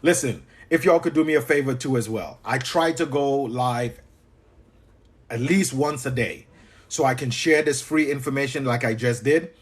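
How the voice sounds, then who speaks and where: A man's voice: medium pitch, normal speed, breathy edge. A man coaching live on a livestream, casual and chatty, talking to viewers by name and repeating himself. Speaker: business coach. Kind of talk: livestream tutorial.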